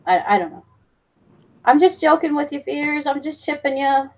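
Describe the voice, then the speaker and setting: A woman's voice: high-pitched, lively intonation, normal speed, low-quality recording. A woman live streamer chatting casually, teasing and reading her chat aloud, with plenty of ums and restarts. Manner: fillers and restarts.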